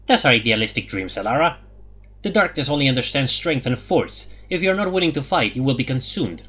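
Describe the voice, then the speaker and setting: A man's voice: mid-range voice, big pitch swings, brisk, sharp tone, slightly rough, heavily acted. A man voicing a cold, calculating woman envoy in an audiobook, curt and skeptical. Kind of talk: audiobook character voice.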